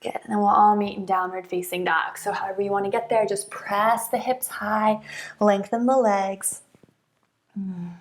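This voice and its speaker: A woman teaching a yoga class, calmly giving breath-timed cues with soft hums and encouragement between them. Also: medium pitch, moderate pace. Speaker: yoga instructor. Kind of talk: guided yoga class instruction.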